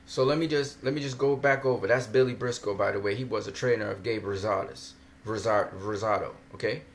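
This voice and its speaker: A man's voice: fairly low pitch, fairly quick, a little hiss or hum. A man giving casual, emphatic commentary on boxing videos, often repeating himself. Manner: conversational, repetitive, emphatic.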